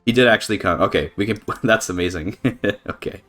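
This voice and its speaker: A young man from Canada giving rambling, excitable commentary on a strategy game he is playing. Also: lowish voice, fairly quick, faint music behind. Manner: rambling, excitable, swears and laughs often. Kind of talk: casual gameplay commentary.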